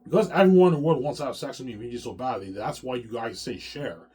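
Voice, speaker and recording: A man's voice: medium pitch, fast, dark tone, husky, soft background music. A man rambling in an agitated monologue to the camera, swearing often and repeating his words. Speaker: vlogger.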